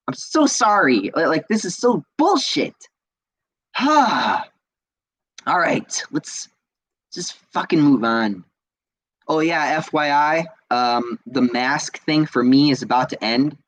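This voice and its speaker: A man's voice: mid-range voice, fairly bright tone, poor audio. A man from the United States hosting a solo podcast, ranting angrily and swearing, repeating himself with frequent fillers. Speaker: podcast host. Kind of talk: casual solo podcast rant.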